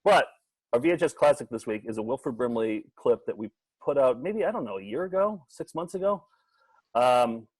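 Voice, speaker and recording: A man's voice: mid-range voice, normal speed, no echo, poor audio. Jokey middle-aged male co-host, dry mic. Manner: animated, jokey, asks rhetorical questions. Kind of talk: casual comedic chat.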